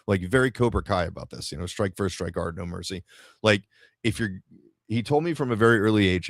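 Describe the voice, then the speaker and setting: Man, deep low voice, casual rambling storyteller, podcast host, lots of fillers, swears freely, dry close sound. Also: a little fast, dry recording. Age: adult father of a toddler. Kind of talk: casual storytelling to a live audience.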